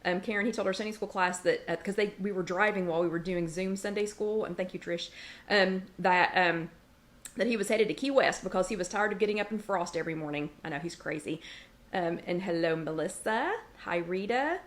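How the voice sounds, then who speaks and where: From her home kitchen, a chatty middle-aged woman hosts a casual livestream for weight-loss support, speaking fairly quickly in a lowish voice. She greets viewers by name one after another, reads their comments aloud, and occasionally stops to scold her dog.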